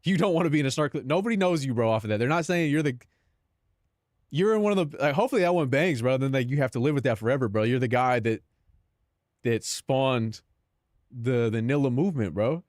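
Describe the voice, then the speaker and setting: A man's voice: mid-range voice, animated, a little fast, darkish tone, no room sound, studio quality. A man live streaming in casual chat, talking in slang, calling his viewers "bro" and laughing between lines.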